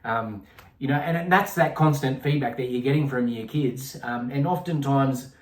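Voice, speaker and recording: A man's voice: mid-range voice, moderate pace. Reflective man in an echoey room. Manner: reflective, rambling with restarts. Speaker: podcast co-host. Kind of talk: casual conversational chat.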